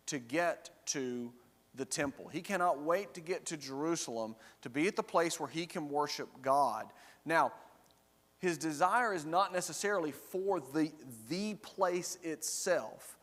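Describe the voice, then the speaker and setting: Male Bible study teacher, a little high-pitched, conversational, explains verse by verse, church room with long reverb. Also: measured pace, a bit bright. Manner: explains verse by verse, checks in with the class with "right?". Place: church classroom.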